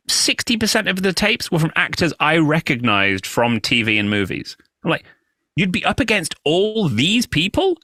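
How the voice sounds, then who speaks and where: A man's voice: medium pitch, bright, forceful tone, no echo, studio quality. A British man, a comedian guest, telling anecdotes in a chatty podcast conversation. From United Kingdom. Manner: chatty anecdotal storyteller, slips into voices. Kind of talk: casual podcast chat.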